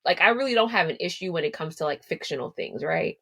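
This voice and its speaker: A woman co-hosting a podcast in casual chat, animated and full of "like" fillers. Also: low-pitched, fast, vocal fry. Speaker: podcast co-host.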